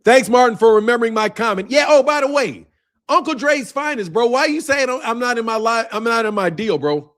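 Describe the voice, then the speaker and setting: A man's voice: very high voice, expressive, fairly quick, a bit bright. A young man hosting a boxing livestream, arguing heatedly with viewers in chat and tacking "bro" onto his lines. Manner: combative, ranting at chat, repeats "bro". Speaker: boxing channel host.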